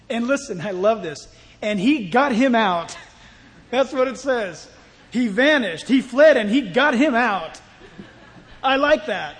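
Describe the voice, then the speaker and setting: High-voiced man preaching slowly. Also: long reverb tail. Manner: animated and playful, acting out Bible scenes. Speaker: pastor. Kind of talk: sermon.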